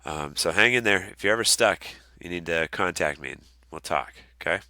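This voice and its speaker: Man, course instructor, very low voice, crisp bright tone, relaxed and chatty, lots of ums, dry close recording. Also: fairly quick, dry recording. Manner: relaxed, many ums and uhs, friendly asides. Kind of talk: casual recorded course walkthrough.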